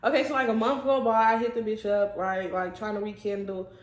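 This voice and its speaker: A woman's voice: mid-range voice, level tone, brisk. A young woman vlogger telling a casual storytime, blunt and profane, laughing often. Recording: echoey room.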